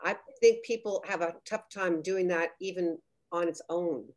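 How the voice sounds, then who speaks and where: Woman guest judge, effusive, rambling, lower register. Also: moderate pace, darkish tone. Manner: gushing, rambling, restarts often. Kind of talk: casual judging on a video call. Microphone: video call.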